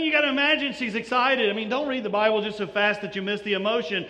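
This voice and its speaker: Male pastor, animated sermon, high voice, long reverb of a church hall. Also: brisk, few pauses. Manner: animated storytelling, many restarts.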